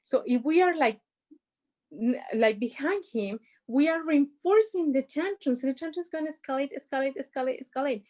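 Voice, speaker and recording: A woman's voice: high voice, lively intonation, a little fast, mellow. A woman giving an informal workshop talk on parenting over a video call, explaining with everyday examples in non-native phrasing. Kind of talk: informal presentation.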